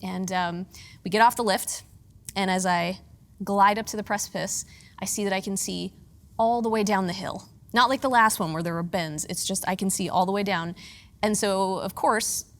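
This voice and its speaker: Female preacher, 30s, from the Pittsburgh area; lively storyteller with a wry, self-deprecating streak. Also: medium pitch, moderate pace. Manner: lively, self-mocking humor with earnest hushed moments. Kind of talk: storytelling sermon.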